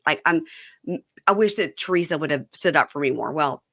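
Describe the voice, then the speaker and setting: A woman hosts a casual podcast chat, her voice pitched a little low but bright and forward. She talks in a chatty, playful way, slipping into quick quoted voices. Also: expressive, no room sound, clean studio sound. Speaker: podcast host.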